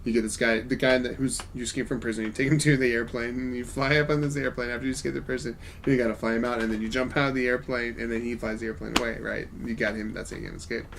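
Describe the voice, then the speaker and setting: A man chatting about video games with friends, voice of middle pitch, spilling into laughter as he tells his stories. His delivery is loose and animated. A faint hiss of background noise sits under the recording. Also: fast talker, gravelly, hardly any pauses. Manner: animated storytelling, laughs often. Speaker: podcast host. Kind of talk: casual gaming chat.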